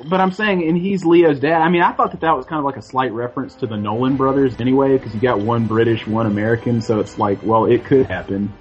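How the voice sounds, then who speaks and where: A man's voice: medium pitch, fast, few pauses, muffled recording, faint music behind. A man arguing animatedly in a casual movie discussion. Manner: animated, argumentative.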